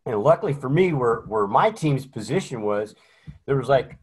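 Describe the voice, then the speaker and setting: A man's voice: medium pitch, moderate pace, husky. Man telling a profane war story. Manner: profane, animated anecdote telling. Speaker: military veteran guest. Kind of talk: casual chat.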